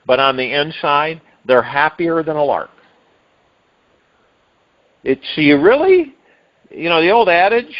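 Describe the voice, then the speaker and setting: Man speaking over a dull phone line. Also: on the high side. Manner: rambling, with restarts and drawn-out emphasized words. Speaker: meditation call host. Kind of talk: spiritual talk on a conference call.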